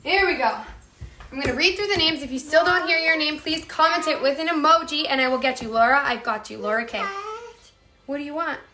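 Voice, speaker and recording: A woman's voice: sits high, fairly quick, bright, forceful tone, slight background noise. A woman hosting a home cooking livestream, chatting casually and reading out viewer comments in an upbeat way. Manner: chatty, upbeat, addresses viewers as "you guys".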